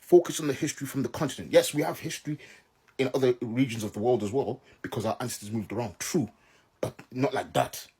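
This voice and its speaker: A man's voice: mid-range voice, fast, a little mellow, husky. A man from Southern Africa giving casual reaction commentary, exasperated and incredulous, often laughing in disbelief.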